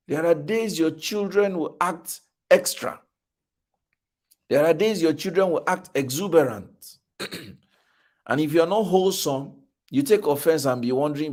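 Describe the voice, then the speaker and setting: A man's voice: a little high, expressive, a little slow. A middle-aged man with a Nigerian accent giving a motivational talk at a fathers' conference, emphatic and repeating his key phrases like a preacher.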